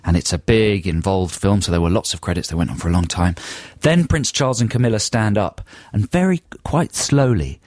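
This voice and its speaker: A man's voice: on the low side, expressive, brisk, few pauses, a little mellow, no room sound, clean studio sound. An English man co-hosting a radio show, telling a long, self-mocking story in casual banter with his co-host. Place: radio studio. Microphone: studio microphone.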